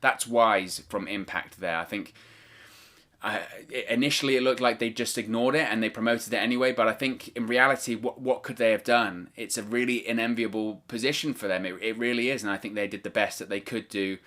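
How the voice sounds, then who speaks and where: A man delivers solo news commentary in a fairly low voice with a bright, forceful edge. He talks cautiously, stumbling and repeating words as he picks his phrasing. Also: fairly even intonation, fairly quick. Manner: hesitant, repeats words, stumbles while choosing words carefully. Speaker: wrestling news vlogger.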